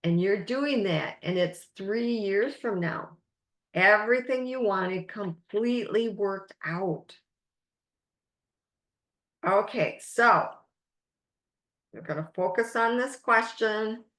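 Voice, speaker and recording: Slow, emphatic woman coaching in an echoey room. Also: medium pitch, a bit bright. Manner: slow, emphatic, drawn-out phrasing. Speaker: life coach. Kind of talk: webinar coaching talk.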